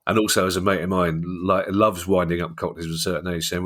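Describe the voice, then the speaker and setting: Joking South London man, low voice. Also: fairly even intonation, quick pace, fairly bright tone. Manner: joking, anecdotal, with many restarts. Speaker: podcast co-host. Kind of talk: casual chat.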